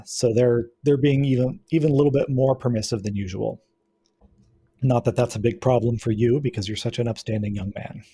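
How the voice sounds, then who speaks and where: A man running a tabletop role-playing game as game master, explaining in a relaxed way with frequent restarts. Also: medium pitch, fairly quick, slightly rough.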